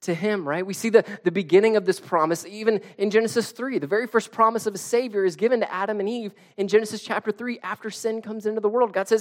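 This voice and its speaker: A man's voice: sits high, fairly even intonation, fast talker, few pauses. Casual storytelling male pastor. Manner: casual storytelling, self-deprecating humor. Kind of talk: conversational sermon.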